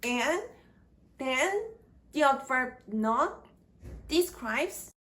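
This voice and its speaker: A woman giving a scripted grammar lesson, speaking slowly and deliberately in short halting phrases. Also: high voice, animated, a bit bright. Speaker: grammar teacher. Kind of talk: slow scripted grammar lecture.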